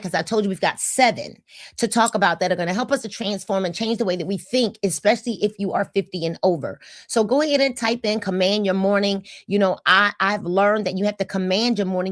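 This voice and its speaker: A woman's voice: medium pitch, no echo, clean studio sound. A woman, hosting a casual livestream and greeting viewers by name in an upbeat way. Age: 50s. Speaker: host of a livestream.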